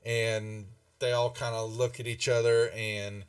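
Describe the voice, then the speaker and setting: A man's voice: medium pitch, level tone, a little slow, few pauses, smooth, distant mic. A man narrating a tabletop game as game master in a rambling, filler-heavy way.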